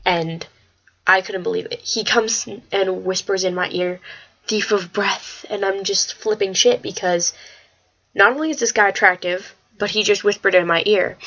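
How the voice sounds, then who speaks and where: Teen girl rambling on her webcam, gets excitable and swears, kinda muffled lo-fi audio. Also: medium pitch, moderate pace. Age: teens. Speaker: vlogger. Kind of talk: casual vlog chat. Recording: slightly dull lo-fi webcam audio.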